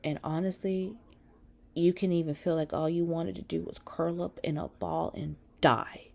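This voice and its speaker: A woman self-filming a heartfelt motivational talk, speaking earnestly and often dropping to a hushed near-whisper. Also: lowish voice, fairly even intonation, moderate pace, vocal fry. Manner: earnest, heartfelt, swears, calls viewers y'all and baby. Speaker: motivational vlogger. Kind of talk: casual motivational talk to camera. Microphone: self-filmed with a selfie light.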